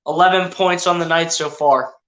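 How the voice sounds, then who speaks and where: A bright-toned streamer calls a basketball game play by play in a loose, casual way, talking straight to the players and to the chat. Mid-pitched and a little hedging, sometimes correcting names on the fly, heard in a roomy, echoey space. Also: fairly even intonation, moderate pace. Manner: chatty, addresses players and viewers directly, self-correcting. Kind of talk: casual live play-by-play commentary.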